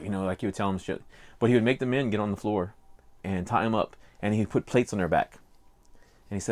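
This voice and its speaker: A man's voice: low voice, steady tone, fast. An older man with a Cajun accent, co-hosting a casual podcast and telling a rambling story full of fillers. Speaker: podcast co-host. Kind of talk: casual chat.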